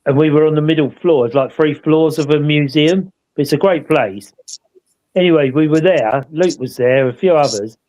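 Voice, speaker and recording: A paranormal investigator co-hosting a live show tells a story from an investigation, rambling casually and often tacking on tag questions to draw agreement. His voice is fairly high and mellow at a normal speed, with the highs cut off.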